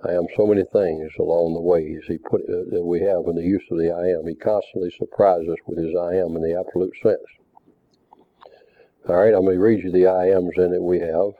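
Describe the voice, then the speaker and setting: A man preaching a Bible lesson, measured and reading scripture passages aloud. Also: low-pitched, flat delivery. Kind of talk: Bible teaching. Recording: tinny phone-like recording.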